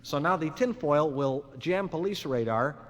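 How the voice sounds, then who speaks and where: On a muffled 1961 live album recording with long hall reverb and faint ambience, a stand-up comedian delivers an unhurried, rambling monologue to an audience at a live venue. His voice is a little high and animated, and he acts out both parts of the conversation himself.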